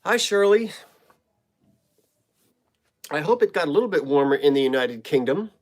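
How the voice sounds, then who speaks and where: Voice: mid-range voice, lively intonation, moderate pace. A middle-aged host from New Jersey, chatting casually on a live stream from a home basement and greeting viewers by name.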